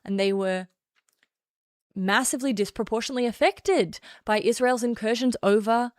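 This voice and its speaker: A woman's voice: a little high, normal speed, dry recording, clean studio sound. An Australian woman doing casual political commentary on a stream, blunt and sarcastic, often laughing.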